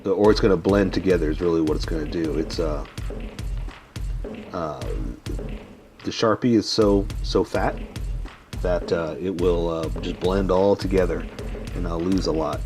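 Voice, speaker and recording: A man narrating each stroke of a step-by-step drawing lesson, rambling a little with many pauses and fillers. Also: low voice, fairly even intonation, music in the background. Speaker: drawing instructor. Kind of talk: casual step-by-step drawing tutorial.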